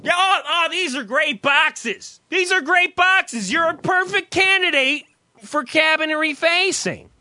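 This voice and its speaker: A man voicing a loud, pushy male cabinet salesman who gushes through his pitch. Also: animated, normal speed, heavily acted. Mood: booming.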